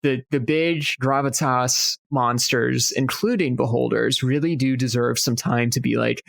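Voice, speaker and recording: A man's voice: medium pitch, fairly even intonation, gravelly. A man co-hosting a tabletop game podcast, talking casually in an easygoing, emphatic way. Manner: easygoing, emphatic, quick asides. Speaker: podcast co-host. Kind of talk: casual chat.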